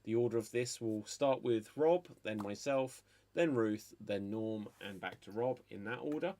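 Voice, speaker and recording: A man's voice: lowish voice, normal speed, dark tone. A man hosting an improv comedy show, calling changes for the players and explaining the games, often laughing. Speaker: improv game host.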